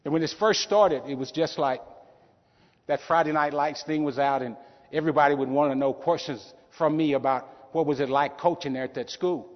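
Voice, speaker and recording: A middle-aged man with a voice pitched a bit high for a man tells a story from a stage, with feeling, leaning on repeated phrases. The sound is muffled and slightly dull, with a long reverb trailing behind him in a large hall. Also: fairly quick. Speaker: motivational keynote speaker. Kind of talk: motivational keynote speech.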